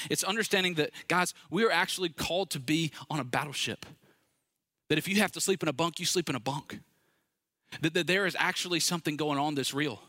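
A man's voice: on the high side, sharp tone, no room sound. A man preaching a sermon, telling personal stories in an earnest, conversational way that builds to urgent appeals. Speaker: pastor.

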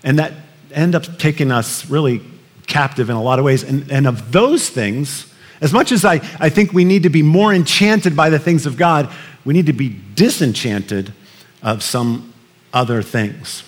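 A pastor giving a conversational sermon, telling stories with many fillers and restarts. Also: male voice, on the high side, lively intonation, normal speed. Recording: long reverb of a large hall.

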